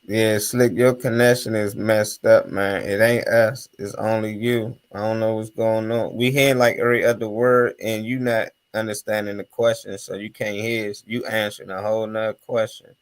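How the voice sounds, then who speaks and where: Low-voiced blunt male co-host. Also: little pitch movement, normal speed, few pauses, no room sound. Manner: blunt, teasing. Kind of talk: casual banter.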